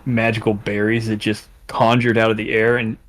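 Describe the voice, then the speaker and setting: A man's voice: fairly low pitch, completely flat delivery, normal speed. A man playing a tabletop game, casually describing what his character does, with many fillers. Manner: describes actions with many likes and uhs. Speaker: tabletop player.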